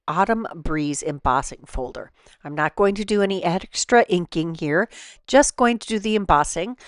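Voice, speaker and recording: A woman with a fairly low voice talks through a paper craft project step by step, relaxed and unhurried, with the odd "um". The recording is dry and close, with no room sound. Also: no room sound. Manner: relaxed, step-by-step explaining with fillers. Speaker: card-making tutorial host. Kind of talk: voice-over craft tutorial.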